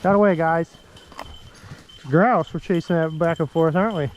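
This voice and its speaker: A man's voice: on the high side, moderate pace, dull audio, very noisy. A man out hunting in thick woods, talking casually to his dogs and calling commands to them in a coaxing way. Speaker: hunter filming his hunt.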